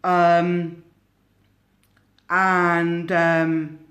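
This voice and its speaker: A woman's voice: fairly low pitch, completely flat delivery, extremely slow, fairly bright tone. A woman hosting a tarot channel, casually telling a cautionary story in a musing way with hesitant restarts.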